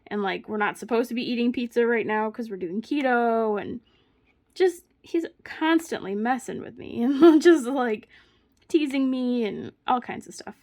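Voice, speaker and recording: A woman's voice: fairly high pitch, normal speed, a little mellow. A woman vlogger chatting casually while she crafts at home, telling a story with frequent laughs. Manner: chatty storyteller, laughs often mid-sentence.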